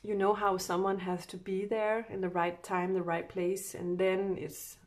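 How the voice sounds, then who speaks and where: A woman giving a casual spiritual card reading, meandering along with frequent soft laughs. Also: mid-range voice, little pitch movement, measured pace. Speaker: oracle card reader.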